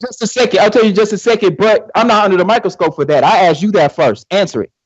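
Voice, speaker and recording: A man's voice: high voice, fast, highs cut off. A man arguing in a heated debate, combative and taunting, often repeating himself.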